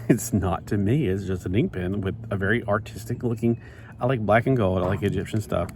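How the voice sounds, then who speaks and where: Low-voiced rambling man. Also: brisk. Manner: rambling, chatty, self-interrupting. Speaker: toy builder vlogger. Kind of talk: casual chat while building. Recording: steady background noise.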